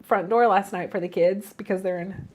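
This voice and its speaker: A woman's voice: medium pitch, steady tone, normal speed, darkish tone, a little hiss or hum. A woman in her thirties co-hosting a craft show, telling family stories in casual chat and laughing often. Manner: chatty storyteller, laughs often.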